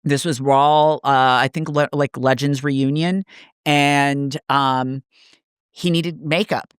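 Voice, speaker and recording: Co-host, makeup artist, slow and smooth, thoughtful chat delivery. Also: medium pitch, steady tone, no room sound, clean studio sound. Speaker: podcast co-host. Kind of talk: casual podcast chat.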